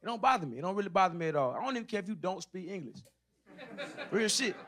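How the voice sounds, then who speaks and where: A young man doing a loud, profane stand-up set and joking with the panel. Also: high voice, expressive, quick pace. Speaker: stand-up comedian, show regular.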